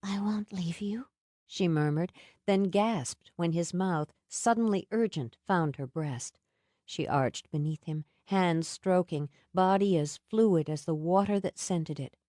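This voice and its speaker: A woman narrating a romance audiobook in a soft, intimate storytelling manner. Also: fairly low pitch, a little slow, no echo, studio quality. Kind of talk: scripted narration.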